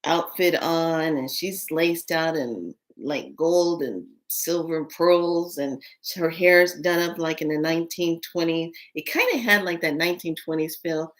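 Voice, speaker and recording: A woman telling a spiritual story in casual, animated speech with many fillers, acting out quoted voices. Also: deep voice, a little slow, few pauses.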